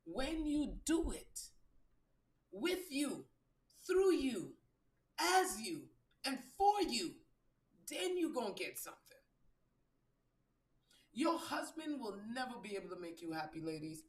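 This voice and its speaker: With a voice on the high side, very animated yet a little slow and full of pauses, a woman runs a live stream as a spiritual reader. She swears bluntly through a motivational talk, repeating phrases for emphasis, in a room with an echo.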